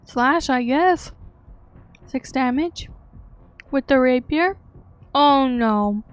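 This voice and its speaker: A young woman playing a horror game, reading its text aloud and reacting with yelps and laughter. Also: sits high. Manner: reads game text slowly, then yelps and giggles in reaction. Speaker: let's-play streamer.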